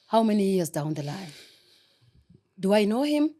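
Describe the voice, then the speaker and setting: A woman's voice: mid-range voice, very animated, normal speed. A middle-aged woman, talking earnestly and with feeling as an interview guest. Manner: earnest, heartfelt, soft-spoken. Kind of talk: emotional interview talk.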